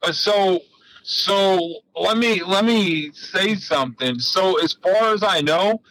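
A podcast host talking casually and hesitantly, with fillers. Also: male voice, sits high, slow, fairly bright tone, dry recording, low-quality recording.

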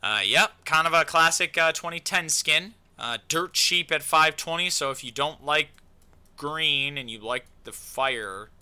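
A man's voice: on the high side, unhurried, bright, forceful tone, smooth. A man hosting a casual podcast chat, loose and joking, full of fillers and playful asides. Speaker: podcast host.

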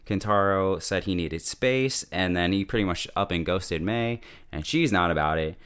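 Man, casual recap, chatty, low pitch, smooth clear voice. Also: normal speed, a bit bright. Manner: chatty, lots of "like", laughs often. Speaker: show reviewer.

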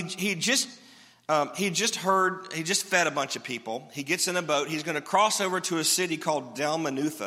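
A man's voice: a little high, bright, forceful tone, big-room sound. A pastor giving a sermon in a casual, joking way, often asking his listeners questions. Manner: conversational, joking, asks the crowd questions.

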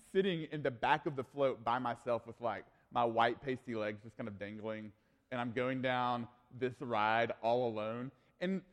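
A man, a youth pastor, telling a story in a sermon, animated and casual with lots of fillers. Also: medium pitch, big-room sound.

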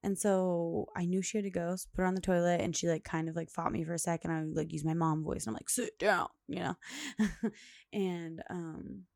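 A young woman chats alone into the mic for her podcast. She rambles along with lots of fillers and small laughs. Her voice sits low and fry-laden, and the sound is close and dry. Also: steady tone, brisk, darkish tone, no echo. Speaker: podcast host. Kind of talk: casual solo monologue.

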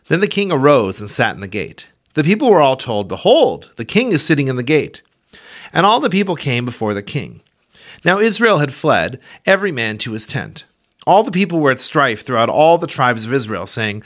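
Man reading scripture, lively pitch. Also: normal speed. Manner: expressive reading, raises pitch for quoted speech. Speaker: Bible reader.

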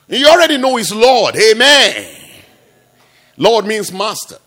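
A male pastor preaching an impassioned sermon, jumping between quiet asides and loud rebukes full of rhetorical questions. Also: high-pitched, big pitch swings, a little slow.

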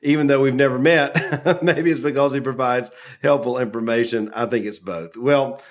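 A man's voice: medium pitch, fairly even intonation, moderate pace. A man with a Southern US accent hosting a podcast in a friendly, chatty way, with many fillers. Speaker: podcast host. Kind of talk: casual podcast interview.

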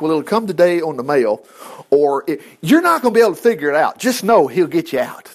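A man preaching a casual sermon, reading scripture aloud and commenting on it in a folksy, animated way. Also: high-pitched.

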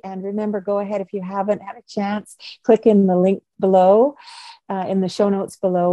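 A woman's voice: fairly low pitch, warm tone, no room sound. An older woman co-hosting a parenting podcast, giving playful advice in a casual chat and laughing often. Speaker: podcast co-host, parenting coach.

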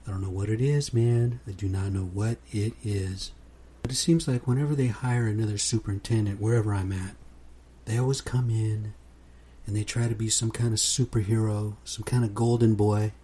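A man with a low, dark voice that has a husky grain to it. He talks through a casual solo podcast in a loose, unhurried way, often closing his sentences with "man". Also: steady tone. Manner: laid-back, says "man" a lot. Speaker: podcast host.

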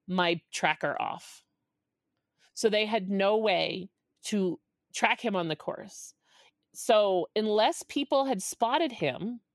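A woman in her forties, a podcast guest, telling a story in a lively, laughing way and acting out the quotes. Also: no room sound, clean studio sound. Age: 40s. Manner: lively, laughing, acts out quotes with big pitch jumps. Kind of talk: animated storytelling.

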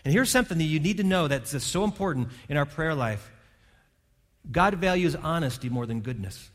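A man's voice: on the high side, lively intonation, a little fast, a bit bright. A man preaching a sermon from a church stage, earnest and conversational, often restarting his words. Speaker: pastor. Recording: long hall reverb.

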